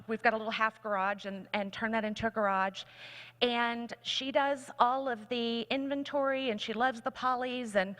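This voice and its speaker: A woman's voice: fairly high pitch, fairly bright tone. Woman speaker, candid and emphatic stage story, lingering hall reverb. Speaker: speaker at a conference talk. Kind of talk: inspirational stage talk. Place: large conference hall.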